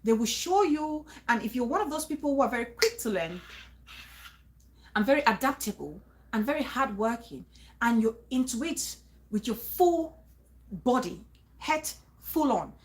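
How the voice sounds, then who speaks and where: Emphatic woman, higher voice. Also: sing-song, moderate pace, a little hiss or hum. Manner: emphatic, repeats and restarts phrases, urges trust. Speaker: vlogger giving advice. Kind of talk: casual talk to viewers.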